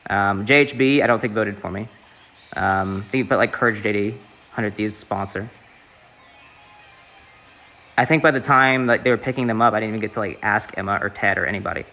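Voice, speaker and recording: A man's voice: on the low side, a little fast, long pauses, sharp tone, faint music behind. A young man from the Southeast US, streaming and chatting casually in a rambling way, with lots of fillers and swearing.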